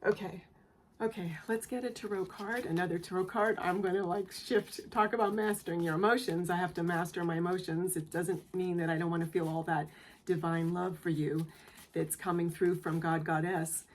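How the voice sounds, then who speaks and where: Woman, tarot reader, earnest, gentle, emotional, low-pitched. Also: level tone, moderate pace, slight background noise. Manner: gentle, earnest, affirming; emotional, near tears. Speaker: tarot reader, channel host. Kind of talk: spiritual tarot reading to camera.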